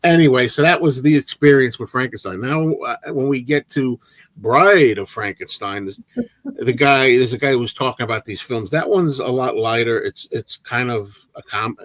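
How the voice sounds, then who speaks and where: A man hosting a casual movie chat livestream, telling an animated anecdote with frequent restarts and repeated words. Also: medium pitch, no echo. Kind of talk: casual storytelling to a live chat.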